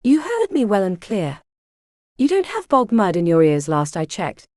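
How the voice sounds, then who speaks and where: A woman's voice: medium pitch, huge pitch swings, moderate pace, a little mellow, no room sound, clean studio sound. Defiant young bog witch, voiced by a woman. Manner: blunt, defiant, folksy speech.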